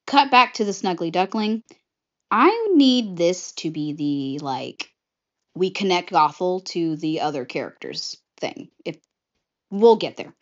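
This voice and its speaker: A woman casually pitching a film idea scene by scene, lively and slipping into quick character bits. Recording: slightly muffled lo-fi audio.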